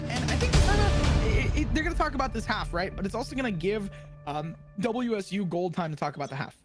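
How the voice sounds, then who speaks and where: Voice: mid-range voice, very animated, fast, music in the background. A live esports play-by-play caster, rambling and jokey, often stumbling and restarting mid-sentence.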